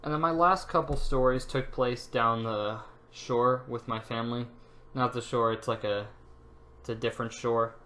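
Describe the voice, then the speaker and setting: A man's voice: medium pitch, fairly even intonation, moderate pace, sharp tone. A young man casually telling stories from his life, rambling with lots of fillers and restarts and laughing at himself. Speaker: vlogger. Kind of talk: casual storytelling.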